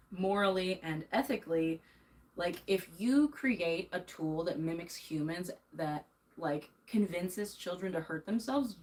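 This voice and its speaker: A woman's voice: fairly low pitch, poor audio. A young woman ranting on a livestream while she does laundry in her bedroom, heated and emphatic, with nervous laughs breaking in. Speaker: streamer. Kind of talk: angry ranting livestream chat.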